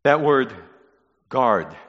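A man preaching a sermon, moving from quiet, low-voiced reflection to loud, emphatic repetition of key lines. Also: sing-song, very slow. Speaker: pastor. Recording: muffled sound in a reverberant hall.

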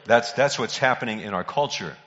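An older male preacher with a bright, pressing voice leans into a folksy sermon, trading quips with his congregation. His words ring out through a church hall with a long echo, captured on a dull, muffled recording. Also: mid-range voice, fairly quick. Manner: folksy joke-telling preacher who calls out to congregation members. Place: church sanctuary.

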